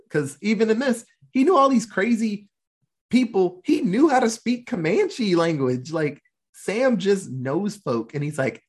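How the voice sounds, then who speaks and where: A man tells a movie plot with big swings in pitch and a husky, breathy tone. He talks animatedly, swears freely and laughs through the retelling as a podcast host. His voice sits fairly high for a man. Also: lively intonation, measured pace. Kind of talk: casual movie recap.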